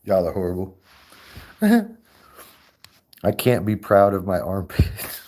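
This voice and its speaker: Profane, laughing low-voiced man. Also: measured pace, pauses often. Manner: profane, animated, laughs often. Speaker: streamer host. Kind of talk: casual livestream chat.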